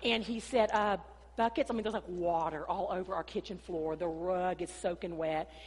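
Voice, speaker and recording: A woman pastor, preaching a sermon in an animated storytelling way and often calling the congregation "y'all". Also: fairly low pitch, normal speed, slightly rough. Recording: long hall reverb.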